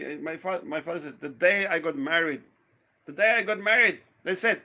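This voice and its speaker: A man from South Africa chatting casually, telling lively stories, acting out quoted voices and swearing freely. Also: fairly high pitch, a little fast. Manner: animated storyteller, acts out quoted voices, swears. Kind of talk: casual storytelling chat.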